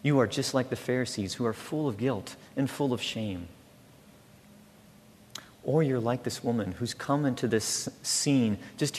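A man preaching a sermon as pastor, rising loud on key words and falling to a slow, soft hush. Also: mid-range voice. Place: church. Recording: long hall reverb, faint room noise.

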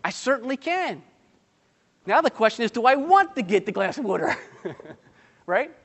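A man's voice: high-pitched, sing-song, fairly quick, a bit bright, husky, big-room sound. A male pastor preaching a sermon, emphatic and full of rhetorical questions to the congregation, with light humorous asides.

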